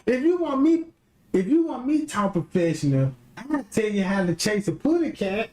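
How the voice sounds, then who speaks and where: A young man rants on a livestream in an animated, joking way. He keeps dropping into mocking impressions. The room around him has a roomy echo. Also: sits high, brisk, a little hiss or hum. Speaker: livestream host. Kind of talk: casual livestream rant.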